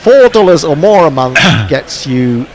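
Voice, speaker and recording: A man doing relaxed ball-by-ball cricket commentary on an internet radio stream, chatty and dry, with plenty of fillers. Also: on the high side, unhurried. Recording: faint background noise.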